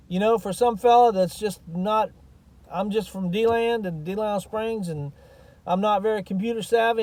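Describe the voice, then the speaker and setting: A middle-aged American man with a fairly high-pitched voice talks in a casual vlog. His delivery is folksy and plain-spoken, and he vents with repeated asides and restarts. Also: a little mellow. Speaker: vlogger.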